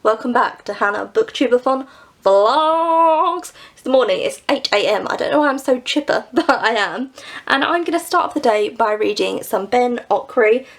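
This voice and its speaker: A young woman from England chatting casually in a book vlog, rambling and laughing often. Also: medium pitch. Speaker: book vlogger.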